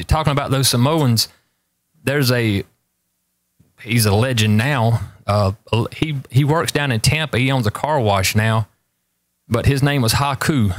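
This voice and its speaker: A talk show host tells rambling stories in a casual chat, repeating his warnings with emphasis. His voice is medium-pitched, and the recording has no room sound.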